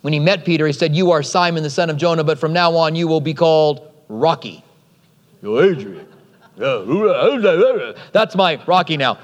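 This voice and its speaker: A man preaching a sermon in a lively, conversational way, with joking asides. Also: a little high, brisk, hardly any pauses, highs cut off. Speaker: pastor. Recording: long hall reverb.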